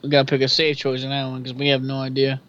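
A man's voice: medium pitch, monotone, fast, a bit bright, clear, resonant tone. A man co-hosting a casual fight-pick chat, loose, profane and chatty. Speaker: podcast co-host. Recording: dull lo-fi sound.

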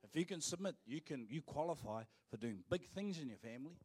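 A man's voice: on the high side, lively intonation, fairly quick, darkish tone, husky. New man preaching with emphasis. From New Zealand. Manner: emphatic preaching, turns to joking asides with the congregation. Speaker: pastor. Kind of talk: sermon. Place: church service, live.

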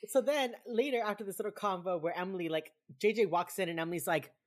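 A woman's voice: medium pitch, fast. A woman co-hosting a casual chat about a TV episode, acting out the characters' lines and swearing freely. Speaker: podcast co-host.

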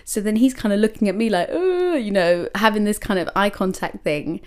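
A young woman hosting a podcast, telling a personal story in a lively, chatty way full of "like" and acted-out quotes of herself. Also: mid-range voice, brisk. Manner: animated, many likes and quoted self-talk. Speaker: podcast host.

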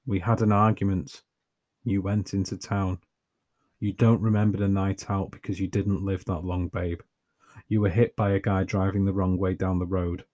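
A man voicing a subdued, apologetic young man who speaks quietly and flatly. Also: low-pitched, moderate pace, dry recording, studio quality, lightly acted. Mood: cold. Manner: quiet, sheepish, flat.

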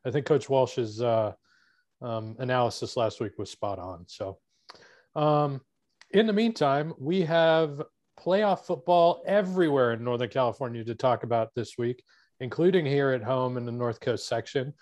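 A man co-hosting a sports talk show, steering the conversation with measured questions. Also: medium pitch, expressive, a little mellow, no echo. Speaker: co-host.

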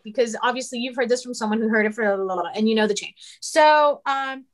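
A young woman in her twenties leads a relaxed chat among friends. Her voice sits high, and she swears and laughs easily as she talks. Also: brisk, hardly any pauses. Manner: giggly, swears freely. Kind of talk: casual chat.

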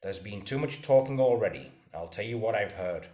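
A man's voice: fairly low pitch, lively intonation, normal speed, a little mellow, lightly acted. A man voicing a stern, grumbling middle-aged sea captain who speaks bluntly and disapprovingly. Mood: gruff complaint. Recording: roomy echo.

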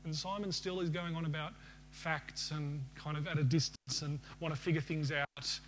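A man with a fairly high-pitched voice preaches to his congregation. He asks them questions and ends by leading a prayer. A faint hum sits under the recording. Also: fairly even intonation, normal speed, fairly bright tone. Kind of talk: sermon.

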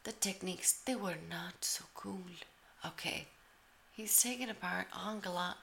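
A woman's voice: fairly low pitch, creaky, pushed and bright. A woman giving sarcastic, teasing play-by-play commentary over a cooking show. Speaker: comedic commentator.

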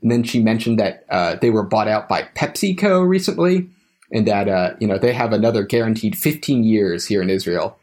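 Low-voiced young man, hesitant. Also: expressive, fairly quick, a little mellow. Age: young adult. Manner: hesitant, with frequent restarts and trailing phrases. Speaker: guest. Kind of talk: casual conversational storytelling.

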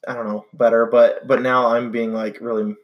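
A man's voice: mid-range voice, little pitch movement, moderate pace, dull audio. A young man co-hosting a casual podcast chat, rambling with many fillers and restarts. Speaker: podcast co-host.

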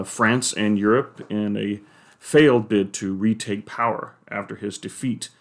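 A man giving a measured, explanatory monologue on faith and science, with the odd hesitation. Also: on the low side. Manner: measured, explanatory, with occasional filler "uh".

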